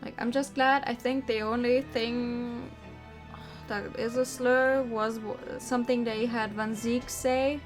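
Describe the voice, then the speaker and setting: A woman's voice: fairly high pitch, little pitch movement, slow pace. Sarcastic cursing woman streamer. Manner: sarcastic, swears freely, laughs often. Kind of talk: casual gameplay commentary. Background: background music.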